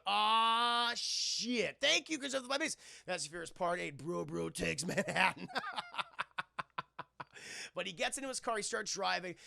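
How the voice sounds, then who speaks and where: A man excitedly recapping a film to a live stream chat, in a rapid, profane, animated storytelling manner. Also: sits high, creaky, no echo, studio quality.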